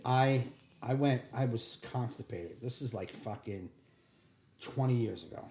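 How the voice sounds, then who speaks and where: A man's voice: mid-range voice, a little slow, darkish tone. A man co-hosting a comedy podcast, telling a crude story bluntly in casual chat. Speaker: podcast co-host. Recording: echoey room with faint noise.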